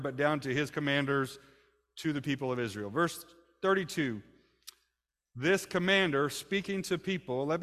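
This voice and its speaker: A man's voice: a little high, a bit bright. A man preaching a sermon in a church, talking conversationally and asking the congregation rhetorical questions. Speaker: pastor. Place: church sanctuary. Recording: long hall reverb.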